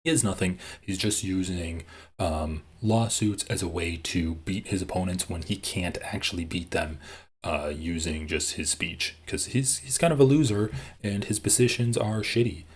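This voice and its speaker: A man doing live-stream commentary on clips, ranting with lots of swearing and getting loud and heated. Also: deep voice, normal speed, slightly rough. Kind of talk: livestream commentary reacting to clips.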